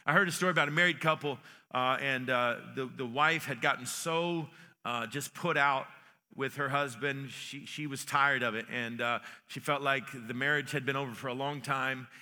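A man's voice: mid-range voice, moderate pace, sharp tone, long reverb tail. A man preaching a sermon in a church, folksy and joking in manner, with many restarts. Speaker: pastor. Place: church sanctuary.

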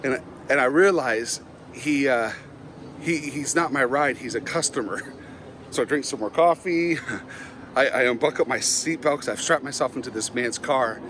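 A middle-aged man, a Christian motivational speaker, telling humorous stories about himself in an animated, self-mocking way and often laughing at his own tales. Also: medium pitch, normal speed, a little hiss or hum. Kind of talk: humorous storytelling talk.

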